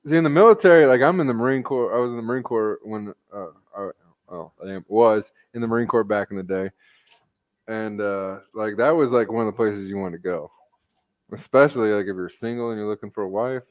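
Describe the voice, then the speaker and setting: A man's voice: on the low side, a little fast, muffled recording. A man hosting a casual podcast chat, rambling and crude, full of filler words. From United States. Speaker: podcast host.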